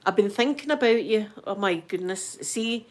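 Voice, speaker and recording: A woman's voice: medium pitch, expressive, moderate pace. A middle-aged Scottish woman hosting a live stream, chatting casually and greeting viewers by name. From Scotland. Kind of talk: casual chat.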